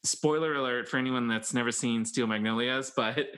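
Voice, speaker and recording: A man's voice: medium pitch, a bit bright, clear, resonant tone. A man co-hosting a podcast, chatting casually and giving strong opinions in long run-on stretches. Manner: opinionated, talks in long rapid run-ons. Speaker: podcast co-host. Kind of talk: casual chat about films and plays.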